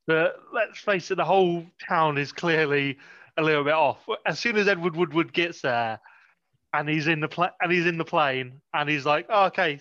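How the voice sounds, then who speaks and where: A man's voice: on the high side, bright, forceful tone, no echo. A man chatting about a film in a sarcastic, mocking way. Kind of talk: casual film chat. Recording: dull, dry lo-fi mic.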